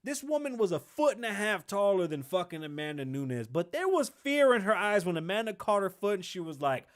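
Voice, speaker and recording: A man hosting a podcast alone, ranting casually and profanely in animated commentary. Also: sits high, a little fast. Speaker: podcast host.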